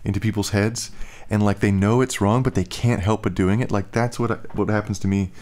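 Low-voiced man slurring a little. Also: fairly even intonation, fairly quick, darkish tone. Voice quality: slightly slurred speech. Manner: loose, filler-heavy talk with "like". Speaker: musician and vlogger. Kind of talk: casual rambling vlog chat.

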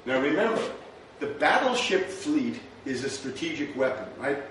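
In a lecture room, a man delivers a history talk in a sing-song, fairly bright voice of medium pitch at a moderate pace. His style is rhetorical and chatty, regularly checking in with "right?", and the recording is very echoey, distant-miked, and lightly noisy.

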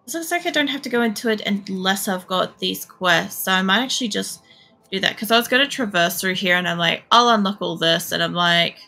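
A woman streamer giving casual, chatty gameplay commentary, swearing freely as she thinks out loud. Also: mid-range voice, expressive, fairly quick, soft background music. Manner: chatty and profane, thinking aloud. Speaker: game streamer.

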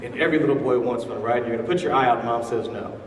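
A man's voice: mid-range voice, fast, a little hiss or hum. A man giving a public talk to a live audience, asking the crowd questions as he speaks. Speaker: featured speaker. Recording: echoey hall from far off.

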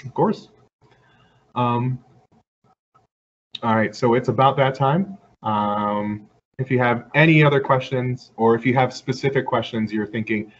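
A man's voice: medium pitch, unhurried. A man from Puerto Rico giving an earnest, conversational online lecture and answering questions, with frequent fillers. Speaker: guest lecturer. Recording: slightly dull video-call audio with faint background noise.

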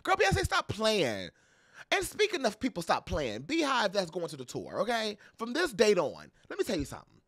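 A young adult man giving playful, sassy pop culture commentary to camera, dramatic and full of mock quotes and quick laughs. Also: high voice, wildly swooping pitch, a bit bright, no echo, studio quality. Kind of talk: animated casual commentary to camera.

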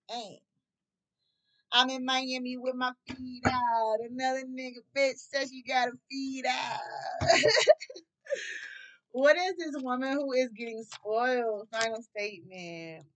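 A woman's voice: on the high side, rough recording. A young woman doing a casual tarot reading, loose and profane, laughing often. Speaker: tarot reader.

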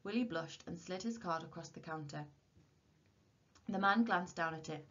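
A woman teacher reading a novel aloud to her class in a steady, expressive way. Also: fairly low pitch, normal speed. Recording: dull lo-fi recording.

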